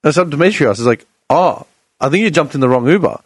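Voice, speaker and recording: A man's voice: on the high side, fast, breathy edge, no room sound. A man telling a story in a casual chat, acting out both sides of the conversation. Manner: animated, acts out both sides of dialogue.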